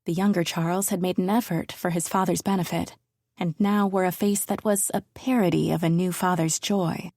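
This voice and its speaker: Female first-person thriller narrator, measured and intimate, dark soft tone, dry booth sound. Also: lowish voice, fairly even intonation, no room sound. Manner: measured, intimate, dropping into whispers. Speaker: audiobook narrator.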